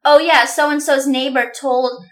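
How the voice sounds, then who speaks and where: A woman's voice: high voice, unhurried. A woman from India chatting casually as a podcast co-host, acting out the relatives she quotes. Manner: animated storytelling, acts out quoted relatives. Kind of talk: casual chat.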